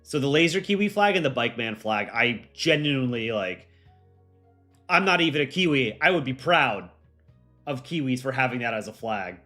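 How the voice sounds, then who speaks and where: Young guy streaming, rambly casual chat, mid-pitched voice, faint music behind. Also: lively intonation, normal speed, bright, forceful tone. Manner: rambling, chatty, many fillers. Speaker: livestream host.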